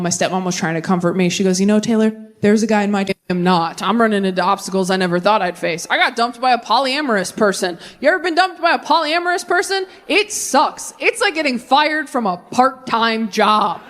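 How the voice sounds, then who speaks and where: A woman in her thirties doing a stand-up set with crowd work, quick and self-deprecating, laughing at her own tangents. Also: medium pitch, fairly bright tone. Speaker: stand-up comedian. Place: theater stage with live audience.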